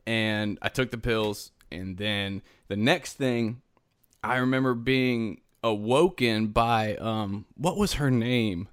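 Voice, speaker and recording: A man's voice: fairly low pitch, takes it slowly, clean tone, no room sound. A male podcast host telling a long personal story in casual chat, self-mocking and laughing as he goes.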